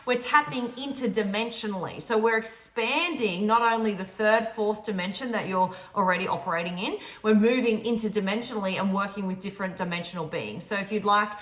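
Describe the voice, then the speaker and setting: A woman's voice: mid-range voice, brisk, hardly any pauses, fairly bright tone. A woman co-hosting a casual talk to camera, giving earnest, encouraging spiritual advice. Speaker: spiritual teacher and co-host. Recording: echoey room.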